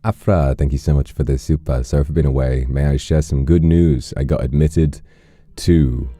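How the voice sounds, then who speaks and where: A man's voice: a bass voice, fairly even intonation, fairly quick, dark tone, dry recording. A man hosting a casual live stream, rambling through anecdotes and thanking donors. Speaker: livestream host.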